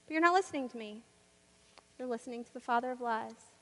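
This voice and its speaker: A woman speaks as a patient, loving teacher, pleading earnestly and gently. The voice is high and bright, and it carries a long echo through the hall. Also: fast talker.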